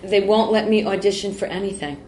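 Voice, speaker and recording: A woman's voice: mid-range voice, brisk, a little mellow, roomy sound, slight background noise. Blunt, profane woman comedian. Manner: blunt, profane storyteller who acts out quotes. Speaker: comedian guest. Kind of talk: casual interview chat.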